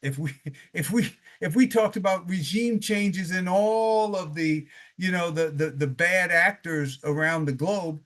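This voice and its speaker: A man with a slightly raised pitch co-hosts a casual political talk. He stumbles over his openings, repeating words before the point comes out. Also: a little slow, a bit bright. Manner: stammers, repeats words before getting going. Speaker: podcast co-host.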